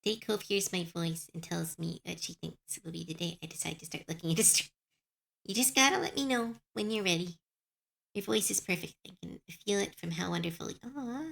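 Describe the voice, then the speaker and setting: A woman streamer chatting casually on a live stream, musing softly and answering her chat. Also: on the low side, brisk, gravelly.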